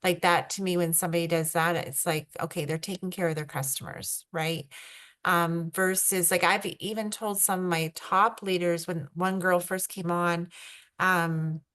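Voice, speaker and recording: Canadian lady on a video call, kinda low voice, lots of ums and likes. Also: steady tone, normal speed, fairly bright tone. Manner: rambling, filler-heavy, self-described introverted. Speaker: guest brand ambassador. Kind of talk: casual team call chat.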